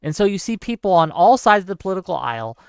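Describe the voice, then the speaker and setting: A man's voice: sits high, big pitch swings, fast, vocal fry, darkish tone, clean tone, dry recording, clean studio sound. A man hosting a talk show, speaking emphatically in casual political chat and restarting his thoughts. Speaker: show host.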